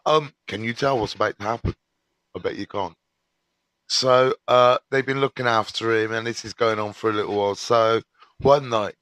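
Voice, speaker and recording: A man's voice: medium pitch, moderate pace, fairly bright tone, no room sound. A middle-aged man hosting a live stream, telling a prison story with swearing and street slang.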